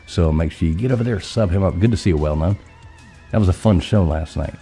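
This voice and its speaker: A man's voice: sits low, quick pace, mellow, soft background music. A man hosting a casual live stream, chatty and loose, swearing casually, his voice scratchy from being sick.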